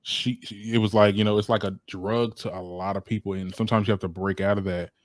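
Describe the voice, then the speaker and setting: A man hosting a casual interview, chatty and relaxed, with many fillers. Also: on the low side, fast talker, no echo. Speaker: interview host.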